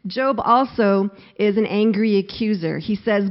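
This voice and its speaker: A middle-aged woman delivers a sermon in a middle-pitched voice. She acts out quoted laments with growing intensity. The recording sounds slightly dull and lo-fi. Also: measured pace, few pauses. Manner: expressive, acts out quoted laments with rising force. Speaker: pastor.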